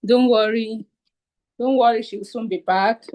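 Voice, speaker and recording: A woman's voice: a little high, steady tone, measured pace, darkish tone. A woman moderating an online session, encouraging the audience to respond.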